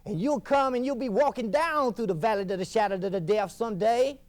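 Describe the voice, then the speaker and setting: An actor playing a fiery male TV preacher, delivering a folksy fire-and-brimstone sermon with wild swings in pitch. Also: fairly quick, close to an everyday voice. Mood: preaching. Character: fiery male TV preacher thundering about damnation. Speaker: televangelist. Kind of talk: scripted mock TV sermon.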